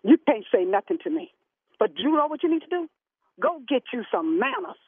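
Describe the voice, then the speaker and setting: A woman's voice: fairly high pitch, big pitch swings, brisk. A woman playing a sassy secretary, scolding a caller over the phone. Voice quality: preachy, scolding, sharp-tongued. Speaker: church secretary answering the phone. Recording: tinny phone line, dry.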